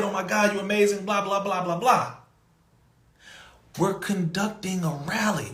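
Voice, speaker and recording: A man telling a story in an emphatic, animated way, mimicking other people's voices and laughing between points. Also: fairly high pitch, reverberant. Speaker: podcast guest.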